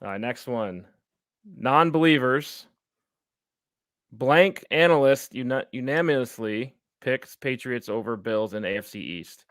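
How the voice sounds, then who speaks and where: A man's voice: mid-range voice, expressive, measured pace, a bit bright, smooth, no room sound, clean studio sound. A man hosting a casual sports podcast, reading headlines aloud and quizzing his co-hosts. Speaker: podcast host.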